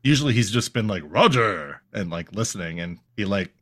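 A fast-talking man with a fairly low voice co-hosts a podcast and casually runs through a cartoon episode. He's animated and full of jokes, voicing lines in goofy impressions.

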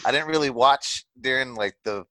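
A man co-hosting a casual chat, excitable, swearing and bursting into shouts. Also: medium pitch, moderate pace, no room sound, low-quality recording. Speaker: podcast co-host.

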